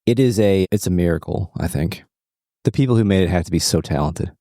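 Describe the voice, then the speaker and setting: A man's voice: sits low, brisk, mellow, no echo, clean studio sound. A man co-hosting a podcast, chatting casually while playing a game, rambling and swearing. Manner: rambling, swearing, trails off and restarts. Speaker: podcast co-host.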